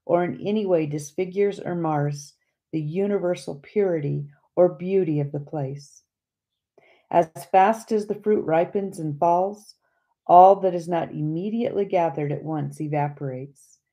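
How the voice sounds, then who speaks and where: A woman's voice: lowish voice, measured pace. A woman reading as a kindly, patient brother. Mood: gentle. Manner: gentle, patient explaining. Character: kindly, calm brother guiding his sister through heaven.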